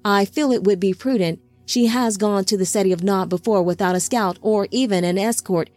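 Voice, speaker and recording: A woman's voice: mid-range voice, brisk, darkish tone, no echo, faint music behind, lightly acted. A woman voicing an eager, impatient young male angelic lieutenant who defers to his captain.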